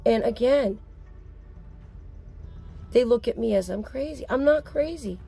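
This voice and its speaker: A woman's voice: on the high side, a little slow, gravelly, mellow, husky, faint music behind. A woman talking to camera as a mother speaking out, upset, insistent and blunt, with occasional swearing. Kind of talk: emotional personal vlog.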